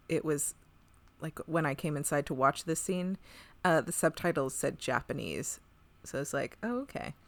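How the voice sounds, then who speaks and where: A woman co-hosting a podcast, chatting casually through an episode recap, rambling, laughing often and swearing freely. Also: low voice. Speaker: podcast co-host.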